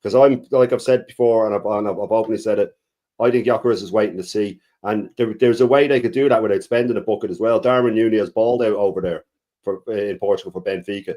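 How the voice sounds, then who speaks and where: Fast-talking low-voiced man. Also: mellow. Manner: blunt, swearing, emphatic. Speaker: co-host. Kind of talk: fast fan debate.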